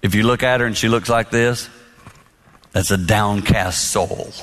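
A man preaching a sermon on marriage, telling personal stories in a lively, confessional way. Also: on the low side, unhurried. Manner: animated storytelling, confessional. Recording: long reverb in a large hall.

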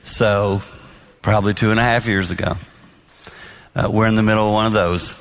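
A man preaching a sermon on marriage, telling personal stories in a lively, confessional way. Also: lowish voice, normal speed. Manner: animated storytelling, confessional. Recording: long reverb in a large hall.

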